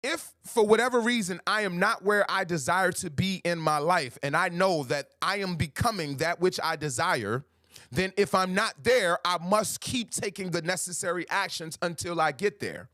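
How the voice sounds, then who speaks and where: A man's voice: sits high, sharp tone, no room sound, studio quality. Man coaching on a livestream. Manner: slow, emphatic, repeats key phrases; greets viewers by username. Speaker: life coach hosting a livestream. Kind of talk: motivational livestream talk.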